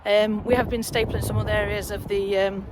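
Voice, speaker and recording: A woman's voice: medium pitch, flat delivery, brisk. Chatty woman outdoors on a windy allotment. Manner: chatty, rambling, self-encouraging. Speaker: allotment vlogger. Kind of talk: casual outdoor vlog chat. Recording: outdoor wind and traffic noise.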